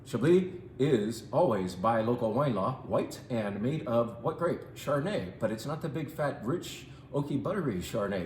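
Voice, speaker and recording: A man hosting a casual wine presentation in a playful, theatrical way, with drawn-out emphasis on words. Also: medium pitch, a little mellow, roomy sound, slight background noise, low-quality recording. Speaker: wine shop host.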